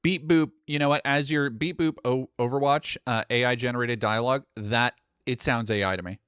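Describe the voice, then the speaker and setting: A man's voice: mid-range voice, steady tone, brisk, fairly bright tone, clear, resonant tone, no echo, studio quality. A man live-streaming casual reaction commentary, sarcastic and exasperated and swearing freely.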